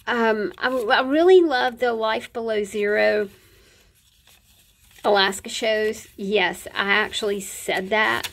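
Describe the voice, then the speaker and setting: A woman's voice: mid-range voice, creaky, fairly bright tone. A middle-aged woman casually showing her handmade journals in a chatty vlog, rambling a little with fillers. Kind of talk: casual show-and-tell vlog.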